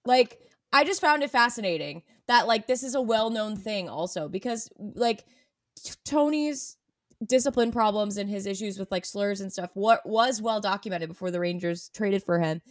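A woman chatting casually as a podcast co-host, animated and sarcastic when she reads quotes aloud. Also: mid-range voice, normal speed, no echo, studio quality. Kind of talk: casual chat.

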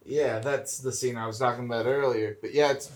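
A man in a relaxed podcast chat, his speech loose and rambling, full of little fillers. His pitch sits right in the middle for a man, neither deep nor high. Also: a little fast. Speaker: podcast co-host. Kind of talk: casual chat.

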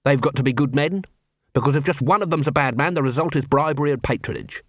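A man voicing a world-weary male watch captain who is gruff and blunt. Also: medium pitch, quick pace, fairly bright tone, no echo, clean studio sound. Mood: ranting.

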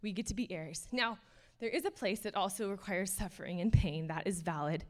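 A woman's voice: medium pitch, a little fast. Earnest young woman preaching a sermon. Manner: earnest, casual, many fillers, laughs between points. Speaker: speaker.

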